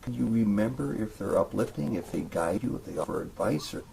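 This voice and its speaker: A man's voice: on the low side, expressive, brisk, vocal fry, dark tone. A man interviewing a guest, asking earnest, probing questions. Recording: noisy recording.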